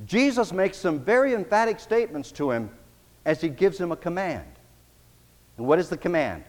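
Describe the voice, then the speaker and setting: A male pastor preaching in a fairly high voice. He drives his points home emphatically, rising to loud declarations and then dropping to near hushed tones. The long reverb of a church hall trails after each phrase. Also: animated, moderate pace. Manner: emphatic preaching with wide swings in loudness. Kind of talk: sermon.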